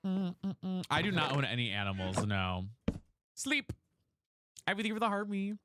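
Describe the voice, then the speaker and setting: Game streamer, live gameplay chat, swearing, excitable, very lively pitch, faint clicks behind. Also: noisy background. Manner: profane and excitable, quick swings between grumbling and squealing.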